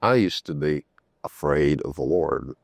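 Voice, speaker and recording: A man's voice: very deep voice, lively intonation, measured pace, creaky, dry recording, clean studio sound, pitched below the performer's own voice, heavily acted. A male preacher voicing a kindly, easygoing older apostle who puts a nervous youth at ease. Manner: easygoing, gentle, fatherly.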